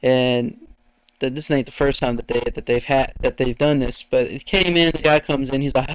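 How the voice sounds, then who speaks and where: A man, telling stories on a casual podcast in a rambling, animated way and acting out customers in high voices. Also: normal speed, clean tone, dry recording, low-quality recording. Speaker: podcast co-host. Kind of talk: casual storytelling chat.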